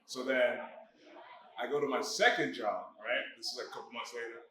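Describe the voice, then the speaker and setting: Animated comedian man in echoey bar. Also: mid-range voice, moderate pace. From Miami, Florida. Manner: animated, swearing, acts out quotes. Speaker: comedian guest. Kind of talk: casual interview storytelling. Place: brewery after a comedy show. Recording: echoey bar with crowd noise. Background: crowd chatter.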